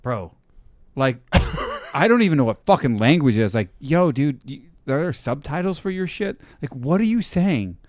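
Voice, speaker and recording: A man co-hosting a casual podcast, telling stories in an animated way, swearing often and laughing as he talks. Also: on the high side, normal speed, no echo, studio quality. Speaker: podcast co-host. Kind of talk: casual profane chat.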